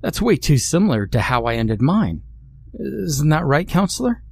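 A man's voice: fairly high pitch, big pitch swings, moderate pace, vocal fry, a little mellow, husky, voice pushed up, exaggerated voice. A man voicing a boastful, competitive boy at a summer camp, talking indignantly. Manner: indignant, sulky.

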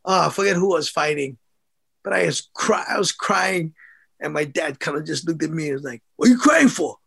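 A middle-aged man, a former boxer telling stories in a casual interview, animated and laughing often. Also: on the high side, normal speed, gravelly, husky. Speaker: former amateur boxer, guest.

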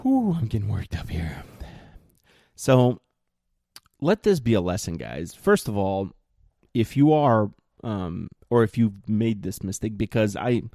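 A man's voice: on the low side, very animated, a little slow, dark tone, no echo, studio quality. A man in his thirties hosting a solo podcast, ranting bluntly with exasperated, mocking jabs. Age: 30s. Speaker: podcast host.

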